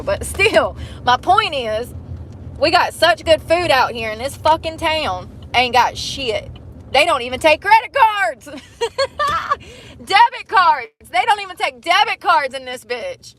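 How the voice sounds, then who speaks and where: Profane, high-voiced woman venting in a car. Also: a bit bright, slight background noise. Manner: blunt, heavily profane and complaining. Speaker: vlogger. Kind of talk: casual rambling monologue. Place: inside a car.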